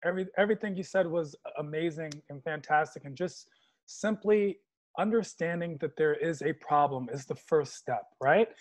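A man's voice: fairly high pitch, normal speed. A man from Washington, D.C., speaking as a panelist on a video call, telling stories with humor and slipping into mock voices. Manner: animated storyteller, slips into mock voices. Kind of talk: casual panel talk with humor.

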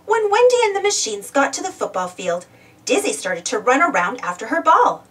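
Lively woman reading a kids' storybook. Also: high-pitched, normal speed, distant mic. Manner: expressive, animated. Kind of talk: children's storybook read-aloud.

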